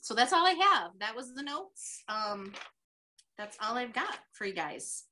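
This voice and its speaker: A teary-eyed woman sharing heartfelt personal experience on a video call, pleading and pausing with frequent ums. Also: on the high side, big pitch swings, bright, forceful tone. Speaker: team member presenting convention notes.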